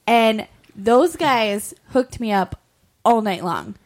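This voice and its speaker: A woman's voice: on the high side, lively intonation, slow. Playful young woman in casual chat. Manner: playful, teasing, laughs often.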